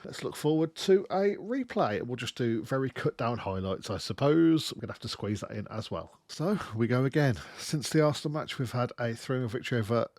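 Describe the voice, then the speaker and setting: Excitable man narrating a football game. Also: medium pitch, fairly quick, few pauses, no echo. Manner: expressive, excitable, swears freely. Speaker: gaming YouTuber. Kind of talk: casual let's-play commentary.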